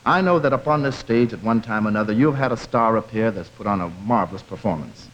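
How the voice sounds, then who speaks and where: A man speaking as a guest on a theater stage. He tells a story in a formal, oratorical style, with measured, deliberate phrasing. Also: fairly low pitch, expressive, a bit bright. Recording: dull lo-fi 1950s television sound.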